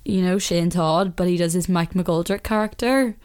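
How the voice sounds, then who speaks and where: A woman's voice: on the low side, normal speed, darkish tone, clean tone. A young woman with a Northern Irish accent, hosting a casual solo podcast in a chatty, opinionated way and laughing often. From Northern Ireland. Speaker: podcast host.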